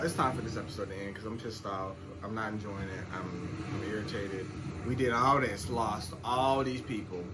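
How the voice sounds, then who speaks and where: A man reacting to a TV episode, ranting at the screen in exasperation and swearing freely. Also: medium pitch. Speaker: reaction channel co-host. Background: show soundtrack music playing.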